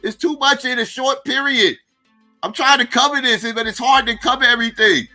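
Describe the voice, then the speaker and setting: A man rants through a livestream commentary, his voice pitched very high and cutting sharply through. He sounds exasperated and incredulous, jumping from loud outbursts to low mutters. Faint music plays underneath. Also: brisk. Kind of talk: profane ranting commentary.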